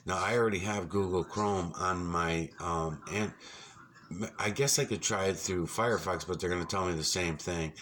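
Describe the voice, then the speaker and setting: Rambling, profane man with a very deep voice. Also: normal speed. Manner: rambling, profane and excitable, frequent fillers. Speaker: YouTube vlogger. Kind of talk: casual off-the-cuff vlog talk.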